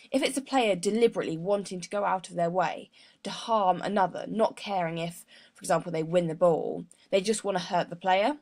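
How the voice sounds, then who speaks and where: A young woman as a sports psychologist guest, giving an earnest prepared explanation with frequent mid-word restarts. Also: mid-range voice. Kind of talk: prepared explanation in a mock interview.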